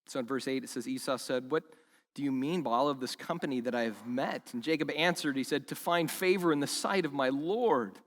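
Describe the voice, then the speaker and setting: A man preaching a sermon as pastor, animated and acting out the lines he quotes. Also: medium pitch, a little fast. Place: church service in a school hall. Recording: long hall reverb.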